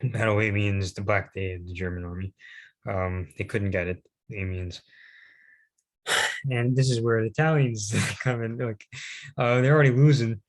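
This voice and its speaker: A man's voice: fairly low pitch, steady tone, moderate pace. A young man giving an informal history presentation, rambling and hesitant with many fillers and restarts, adding self-deprecating asides.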